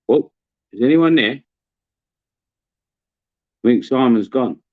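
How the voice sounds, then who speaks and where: A man's voice: mid-range voice, expressive, slow pace, no echo, narrow, tinny audio. A man chatting casually on a live stream, telling a joke with swearing and plenty of banter. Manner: swearing jokey storyteller.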